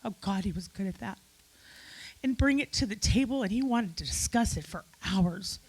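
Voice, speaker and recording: A woman's voice: medium pitch, expressive, normal speed, husky, rough recording. A woman giving an emotional, effusive eulogy at a memorial gathering, speaking straight to friends in the room.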